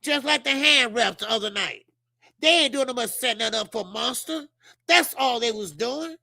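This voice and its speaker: A man's voice: very high-pitched, moderate pace, gravelly, bright, forceful tone, dry recording. A man hosting a boxing channel livestream, talking bluntly and profanely, repeating himself with many fillers. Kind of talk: casual livestream commentary.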